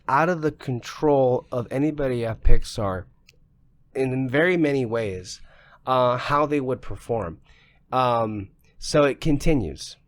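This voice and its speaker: A man co-hosting a casual podcast discussion, ranting emphatically and with plenty of profanity, his voice getting a little worn. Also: medium pitch. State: losing his voice. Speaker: podcast co-host.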